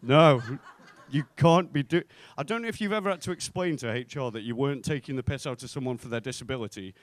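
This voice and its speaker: A young man doing a stand-up comedy set, telling stories briskly and conversationally. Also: mid-range voice, lively intonation, dry recording. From England. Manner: brisk conversational storytelling with acted asides. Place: comedy club stage.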